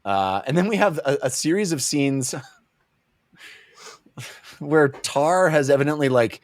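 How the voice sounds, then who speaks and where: A man's voice: a little high, animated, a little slow, dry recording, clean studio sound. A man co-hosting a casual book-club podcast, acting out characters' lines in goofy voices as he recaps. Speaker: podcast co-host.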